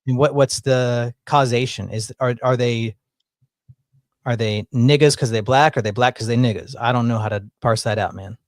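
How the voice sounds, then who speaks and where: A man's voice: mid-range voice, moderate pace, dry recording. A man in his thirties hosting a podcast, chatting casually in a rambling, laid-back way. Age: 30s. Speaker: podcast host.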